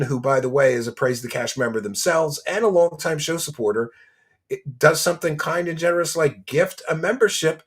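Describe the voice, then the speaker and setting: A man hosting a casual commentary stream, mocking his subject, laughing often and thanking donors by name. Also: fairly high pitch.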